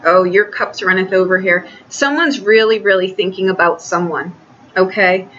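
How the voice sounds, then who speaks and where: A woman reads tarot cards in a loose, chatty way, often stopping and restarting her sentences. Her voice is bright and forward. The recording sounds a little dull, with faint noise behind her. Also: mid-range voice. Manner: chatty, halting, many restarts. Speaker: tarot reader. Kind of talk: casual tarot reading.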